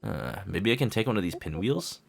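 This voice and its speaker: Fairly low and gravelly, his voice moves quickly with lively intonation over faint background music. He's streaming a video game, offering loose live commentary full of joking asides, tangents, and self-interruptions.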